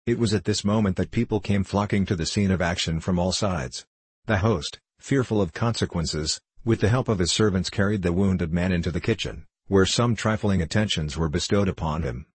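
A man narrating a classic novel in a measured, formal storytelling manner. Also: low-pitched, slightly rough, dry recording. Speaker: audiobook narrator.

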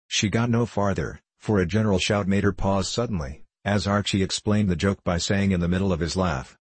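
A man narrating a classic novel in a measured storytelling manner. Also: sits low, husky, no echo. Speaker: audiobook narrator.

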